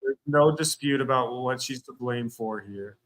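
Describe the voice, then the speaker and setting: A man's voice: medium pitch, moderate pace, a bit bright, rough recording. Heated man ranting bitterly. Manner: bitter, repeats himself, heated. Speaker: streamer. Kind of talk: angry livestream rant.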